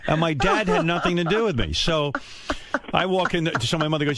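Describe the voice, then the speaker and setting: A man's voice: a little high, sing-song, brisk, noisy background. Profane rambling male radio host. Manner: profane, rambling, self-mocking. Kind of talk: casual storytelling chat.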